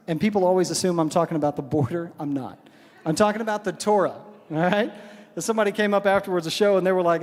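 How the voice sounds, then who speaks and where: A man's voice: high voice, rapid-fire, a little mellow. A man from Texas, telling wry, self-deprecating stories between songs on stage in a large synagogue. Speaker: singer-songwriter performer. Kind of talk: onstage storytelling between songs. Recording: hall reverb with faint music.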